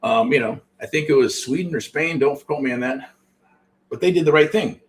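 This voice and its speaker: A middle-aged man from the United States hosting a show, talking casually and pitching a program, rambling with restarts and frequent swearing. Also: a little fast, a little hiss or hum. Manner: rambling, profane, self-interrupting. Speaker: host. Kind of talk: casual promotional talk.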